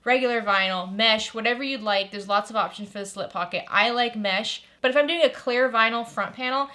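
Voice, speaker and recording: A bubbly young woman talks through a sewing tutorial in a chatty, upbeat way. Her voice is bright and forceful, sitting a little high for a woman. She sounds eager and easygoing as she explains each step. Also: a little fast. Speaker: sewing pattern designer and channel host.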